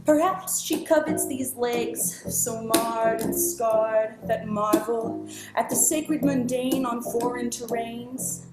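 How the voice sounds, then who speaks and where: A woman performing poetry in a slow, theatrical, savoring delivery, recorded through earbuds. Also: fairly even intonation. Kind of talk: poetry performance over bass. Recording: echoey room with loud bass music. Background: live bass guitar.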